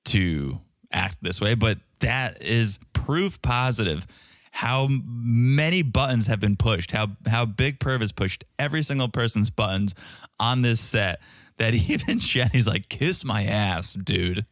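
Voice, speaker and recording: A man's voice: medium pitch, unhurried, dry recording, studio quality. A man co-hosting a podcast, chatting casually and acting out what cast members said. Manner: animated, acts out cast members' lines in quotes. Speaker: podcast co-host. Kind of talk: casual recap chat.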